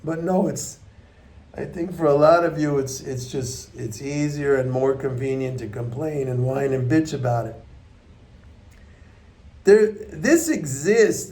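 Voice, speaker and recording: A man's voice: medium pitch, gravelly, a little mellow. A man giving blunt, emphatic, unscripted market commentary to his viewers, often repeating points for stress. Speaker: economics commentator.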